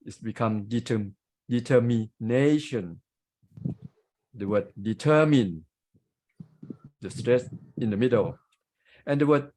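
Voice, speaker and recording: A man's voice: mid-range voice, a little mellow, poor audio. A man with a Thai accent giving grammar and pronunciation feedback as a club grammarian on a video call, explaining carefully with examples.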